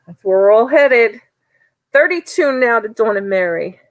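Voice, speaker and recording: A woman's voice: on the high side, lively intonation, moderate pace, low-quality recording. A woman with a New York accent calling a live online auction, chatty and teasing bidders by name.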